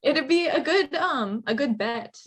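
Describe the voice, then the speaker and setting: A woman's voice: high-pitched, expressive, unhurried. A young woman guesting on a casual podcast chat, giggling and amused as she talks.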